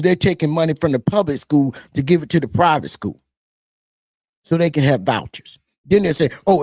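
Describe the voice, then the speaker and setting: A man with a Southern US twang talks politics straight to camera, preaching and repeating his points to the viewers he calls y'all. His voice is gravelly and fairly high, and his pitch swings widely. The sound is dry and close. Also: darkish tone, dry recording. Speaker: political talk show host. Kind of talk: casual political commentary to camera.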